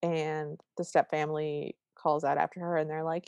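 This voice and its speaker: A woman's voice: deep voice, level tone, vocal fry, a little mellow, no room sound. Wry woman recapping a movie. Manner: wry, quick recapping with quoted lines. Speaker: podcast co-host. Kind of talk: casual movie recap chat.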